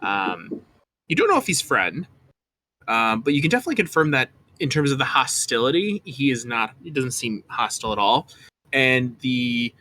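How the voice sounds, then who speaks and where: A man runs a tabletop game as game master and narrates loosely. He hunts for words and fills the gaps with fillers. His voice is bright and sits at a middle pitch. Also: sing-song, normal speed, a little hiss or hum. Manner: loose, searching, with many fillers.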